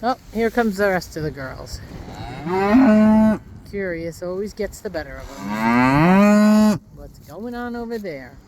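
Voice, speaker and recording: American farm lady sweet-talking her cows outside, slow easy talk, lots of outdoor noise. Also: lowish voice, sing-song. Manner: coos and talks sweetly to the cows. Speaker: farmer. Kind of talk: casual vlog talking to cattle. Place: outdoors in a muddy farm pasture.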